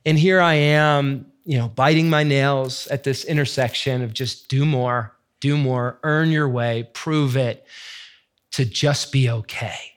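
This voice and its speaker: A man's voice: mid-range voice, fairly even intonation, slow pace, clear, resonant tone. A middle-aged man giving a heartfelt teaching talk in an earnest, searching, emotional way. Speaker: faith teacher sharing testimony.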